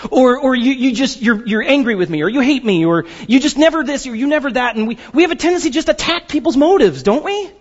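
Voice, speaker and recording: A male pastor preaching with a high, very lively voice that jumps all over the place. He jokes with the congregation and acts out little quoted voices. The recording sounds dull and lo-fi. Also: quick pace, hardly any pauses, big-room sound. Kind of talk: sermon.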